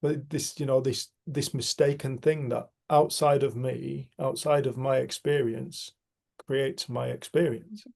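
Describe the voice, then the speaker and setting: A man's voice: mid-range voice, steady tone, unhurried, vocal fry, a little mellow. A man leading a casual community group discussion, talking in an earnest, emphatic way. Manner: earnest, emphatic, swears mildly.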